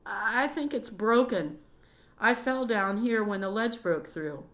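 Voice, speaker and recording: A woman's voice: mid-range voice, slow, fairly bright tone, voice pushed up. Woman doing a hurt, frightened young boy. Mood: pained pleading. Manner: pleading, urgent. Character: boy trapped in a cave, hurt and scared.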